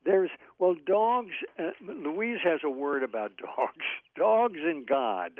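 A man's voice: on the high side, expressive, slow, dry recording. A man guest speaking earnestly and reflectively in a radio interview, with some hesitations. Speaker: guest author. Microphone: telephone. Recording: tinny phone line.

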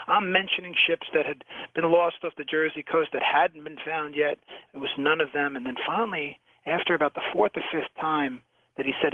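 A man's voice: a little high, no echo. Man from New York on a tinny phone line. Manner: halting, with many restarts and repeated words; lively storyteller. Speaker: guest, shipwreck diver. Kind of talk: telling stories in a phone-in radio interview. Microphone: telephone.

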